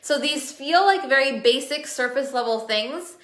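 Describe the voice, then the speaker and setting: Bright, eager woman coaching live. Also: high-pitched, expressive, moderate pace. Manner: enthusiastic, repeats words for emphasis, asks viewers questions. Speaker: business coach running masterminds. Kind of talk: live-stream coaching talk. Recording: roomy echo.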